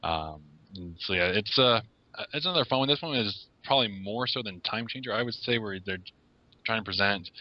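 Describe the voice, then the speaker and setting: A man guesting on a podcast as a film reviewer, explaining plots in a measured, hesitant way. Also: fairly low pitch, lively intonation, no room sound. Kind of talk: podcast interview. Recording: lo-fi audio.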